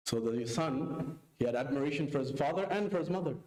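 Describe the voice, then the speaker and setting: Guy preaching a story, kinda high voice, lots of echo, jumps way up for the dialogue. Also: lively intonation, brisk, darkish tone. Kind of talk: sermon. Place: mosque hall. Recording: echoey mosque hall.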